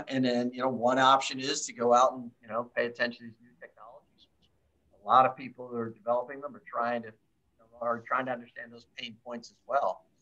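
A man's voice: mid-range voice, level tone, brisk, bright, forceful tone, rough recording. A man, a company chief executive, answering panel questions in a hesitant way with many restarts.

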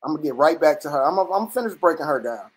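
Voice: medium pitch, expressive, racing, husky, poor audio. Blunt, profane livestream host. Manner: repetitive restarts, rising into near-shouts. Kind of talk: casual livestream commentary. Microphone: computer or phone mic on a live stream.

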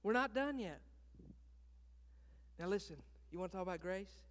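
A man preaching a sermon as pastor. He swings between hushed, intimate talk and loud, fervent preaching, and calls out questions to the congregation. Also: sits high, animated, normal speed. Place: church sanctuary. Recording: long reverb of a large hall.

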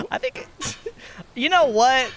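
A man's voice: very high-pitched, fairly bright tone, a little hiss or hum. A man hosting his own gaming stream, chatting playfully with a guest, teasing and giggling a lot. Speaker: streamer and host. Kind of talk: casual gaming stream chat.

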